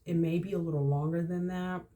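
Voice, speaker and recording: A woman's voice: on the low side, fairly even intonation, brisk, dark tone. A woman around forty hosting a podcast, telling a personal story in a candid, emotional way and often repeating herself. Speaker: podcast host.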